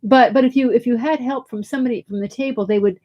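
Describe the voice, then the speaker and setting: A woman's voice: on the high side, fast talker, highs cut off. A woman on a group video call, speaking enthusiastically and repeating words as she gets going. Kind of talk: casual video call chat.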